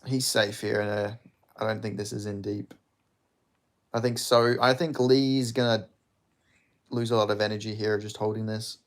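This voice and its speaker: A man hosting a live fight watch-along, giving casual, profane commentary with sudden excited outbursts. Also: fairly low pitch, normal speed, long pauses. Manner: excitable, swearing, bursts into loud reactions.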